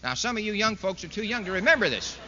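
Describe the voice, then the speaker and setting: A man holds forth in a high, lively, sharply bright voice. He addresses the crowd with biting sarcasm and rhetorical questions. The 1960s recording is dull and muffled, with long hall reverb. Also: quick pace. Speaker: political speaker. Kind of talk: public speech to a university audience. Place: large lecture hall.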